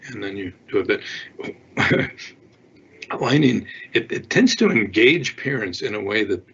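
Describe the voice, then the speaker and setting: Gravelly low-voiced older man giving parenting advice. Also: lively intonation, unhurried, fairly bright tone. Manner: conversational, explains with acted-out example dialogue. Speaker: parenting expert. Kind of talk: advice talk answering viewer questions. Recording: dull lo-fi sound with faint noise.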